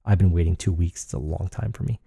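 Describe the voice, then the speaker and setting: Man, gravelly, dark mellow tone, solo podcast host, rambling musings, dry close sound. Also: deep voice, quick pace, no room sound. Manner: rambling, thinking aloud with restarts.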